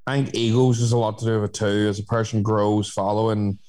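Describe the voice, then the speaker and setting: A man talks quickly in a fairly low voice, rambling through his points. He stacks up fillers as he goes and speaks frankly in relaxed conversation. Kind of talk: casual chat.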